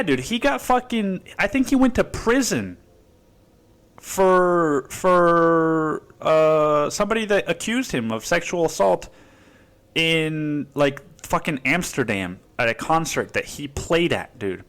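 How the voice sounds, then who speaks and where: Guy doing a solo podcast, kinda high voice, cusses a ton and just rambles on. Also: fairly bright tone. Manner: rambling stream of consciousness, swears constantly, keeps saying "dude". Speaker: podcast host. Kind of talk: casual solo podcast monologue.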